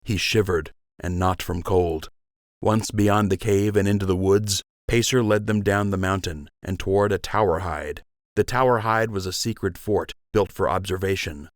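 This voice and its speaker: A man narrating an audiobook in a steady, measured way on a close mic. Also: deep voice, no echo.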